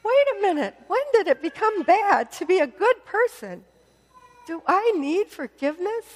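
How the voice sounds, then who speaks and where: A woman's voice: high-pitched, expressive, slow pace, big-room sound. A woman voicing a dutiful older brother who protests with righteous indignation. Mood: indignant.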